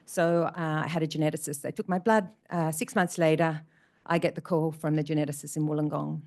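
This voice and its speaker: A woman's voice: sits low, steady tone, fairly quick, a little mellow. A middle-aged woman giving an emotional personal talk to an audience, repeating phrases for emphasis. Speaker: motivational speaker. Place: community event room.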